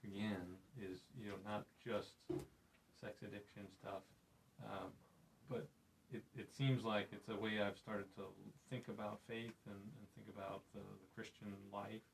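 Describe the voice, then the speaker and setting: A man's voice: on the low side, flat delivery, a little slow, vocal fry, a little hiss or hum, low-quality recording. A man hosting a faith podcast, reflective and preacherly, retelling Bible scenes in conversation. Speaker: podcast host.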